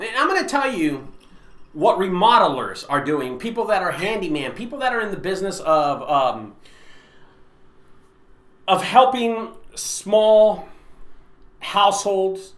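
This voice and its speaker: A man talks straight to camera about his trade in a casual, animated monologue. His pitch swings up and down and his tone is bright and sharp. The room around him is echoey, and he often restarts and repeats lines to drive a point home. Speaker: junk removal business owner and channel host.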